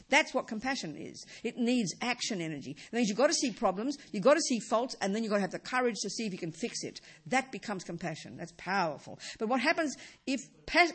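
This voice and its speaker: A husky woman delivers a dharma talk with a lively, rising and falling voice. She presses her points with repeated words and restarts, then lets them settle low and soft. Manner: lively pitch, drops low and soft at phrase ends. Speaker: Buddhist teacher.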